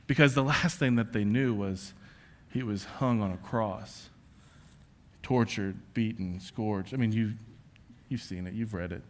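A man preaching a sermon, passionate and conversational, who swings from yelling out prayers to hushed near-whispers. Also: on the low side, moderate pace. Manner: self-confessed yeller, passionate and conversational. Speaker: pastor.

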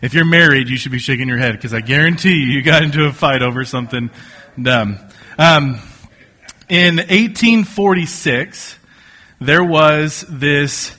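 A male pastor with a bright, slightly high voice tells a sermon story with jokes. He talks loosely, full of ums and restarts. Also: measured pace. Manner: joking, storytelling, many fillers and restarts.

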